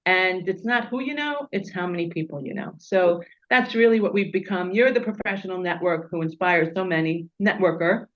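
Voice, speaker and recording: A woman's voice: lowish voice, normal speed, few pauses. A middle-aged woman, founder of a nonprofit, speaking earnestly as a radio guest. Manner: earnest, heartfelt. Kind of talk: radio interview. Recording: dull lo-fi sound.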